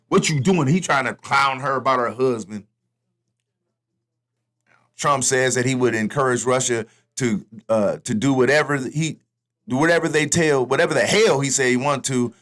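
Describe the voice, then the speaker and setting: Animated man ranting casually. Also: on the high side. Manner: animated, repetitive, talks straight to viewers. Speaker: vlogger commenting on politics. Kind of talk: casual political rant.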